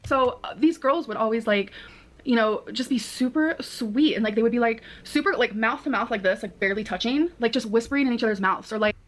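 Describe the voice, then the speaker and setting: Fast-talking earnest woman vlogging. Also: a little high. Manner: earnest, rambling, many "like" fillers. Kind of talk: confessional vlog talk.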